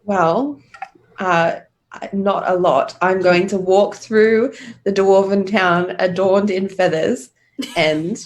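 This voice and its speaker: A woman's voice: medium pitch, steady tone, slow. A woman playing a tabletop role-playing game, dry and joking. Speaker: player.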